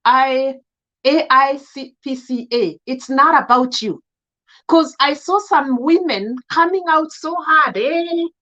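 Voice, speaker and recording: A woman's voice: sits high, slow pace, bright, forceful tone, low-quality recording. A woman with a Kenyan accent hosting a live stream, greeting viewers by name and speaking her mind in an emphatic mix of English and Swahili. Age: adult. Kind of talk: casual live-stream monologue.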